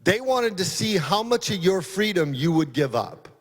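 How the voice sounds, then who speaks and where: Casting: male sheriff, middle-aged, folksy and emphatic, slightly high-pitched, speaking in a hall with long reverb. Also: very animated, moderate pace. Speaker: county sheriff. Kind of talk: conference speech. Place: conference hall.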